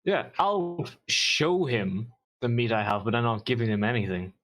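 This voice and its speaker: A man's voice: medium pitch, very animated, moderate pace, fairly bright tone. A man playing a tabletop game, blunt and swearing, over an online voice call. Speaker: player. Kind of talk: tabletop role-play chat.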